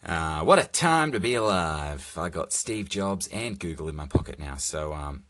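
Deep-voiced man rambling, profane and jokey. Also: lively intonation, measured pace, few pauses, a bit bright. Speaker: podcast host. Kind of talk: casual solo podcast chat. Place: recording alone on a phone. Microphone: phone.

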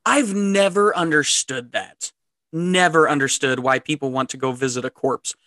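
Giggly, profane podcast co-host, bright voice. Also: medium pitch, normal speed, dry recording, studio quality. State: says they are high. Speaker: podcast co-host recapping the film. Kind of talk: casual podcast chat. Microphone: podcast microphone.

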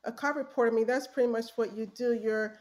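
A woman's voice: on the high side, fairly even intonation, fast talker. An earnest young adult woman telling her story in a casual interview, with fillers and restarts. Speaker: guest, former journalist.

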